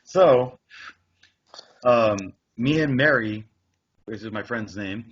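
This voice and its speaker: A man's voice: medium pitch, slow, breathy edge. A man in his thirties telling a crude, rambling story with lots of profanity on a podcast. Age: 30s. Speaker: podcast co-host. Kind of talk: casual storytelling. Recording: dull lo-fi audio.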